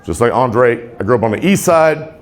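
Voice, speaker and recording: A man's voice: mid-range voice, lively intonation, moderate pace. A man in his forties doing a rambling, self-deprecating stand-up set on a club stage, often chuckling at his own jokes. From Tacoma, Washington, USA. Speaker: stand-up comedian. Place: comedy club stage with laughing crowd. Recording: live club set with crowd laughter.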